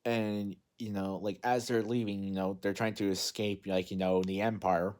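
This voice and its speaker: A man's voice: lowish voice, level tone, moderate pace, darkish tone, clean tone. A man casually recapping a movie in a rambling, unscripted way, full of fillers and restarts. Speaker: movie vlogger.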